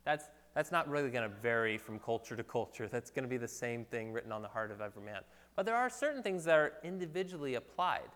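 A man's voice: medium pitch, expressive, quick pace, a bit bright. Pastor type, man, conversational sermon delivery, voice trailing off in a church with long reverb. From California, USA. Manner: earnest, conversational preaching with jokes and restarts. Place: church sanctuary.

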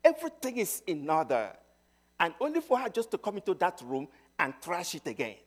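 A middle-aged man preaching a sermon, telling stories with emphasis and swinging between loud and hushed. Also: high-pitched, big pitch swings, brisk.

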